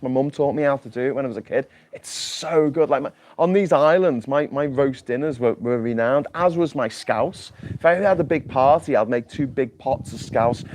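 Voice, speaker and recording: A man's voice: medium pitch, a little mellow, a little hiss or hum. A man hosting a livestream in a casual, jokey, rambling chat, often repeating words as he starts sentences. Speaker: livestream host. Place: island home without mains power.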